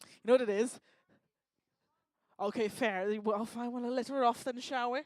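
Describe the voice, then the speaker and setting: A woman doing lively, teasing crowd work on a live talk stage, speaking into a handheld microphone. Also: on the high side, no room sound. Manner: energetic, teasing, bossy and quick to joke. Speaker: stage performer working the crowd.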